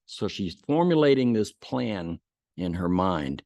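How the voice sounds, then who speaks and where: A man's voice: sits low, big pitch swings, a little slow, mellow, dry recording. A man giving a casual Bible lesson, telling stories in a folksy way with frequent restarts. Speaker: Bible teacher.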